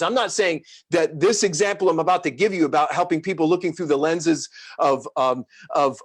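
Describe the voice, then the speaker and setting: Animated middle-aged man, storytelling speaker, rather high voice. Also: breathy edge. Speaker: motivational speaker. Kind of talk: storytelling talk.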